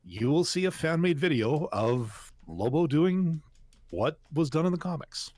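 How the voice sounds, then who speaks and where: A man's voice: a little high, big pitch swings, measured pace, a little mellow, no room sound. A man co-hosting a podcast in easygoing, casual chat. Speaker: podcast co-host.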